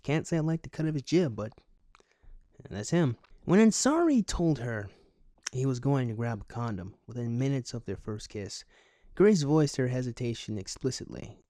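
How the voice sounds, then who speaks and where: A man with a dark, mellow voice reads a news article aloud in a close, dry recording. He keeps stopping to add sarcastic, deadpan jokes of his own. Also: medium pitch, normal speed, no echo. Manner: sarcastic, deadpan asides between read passages. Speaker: commentary YouTuber. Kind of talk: reading a news article aloud with comic commentary.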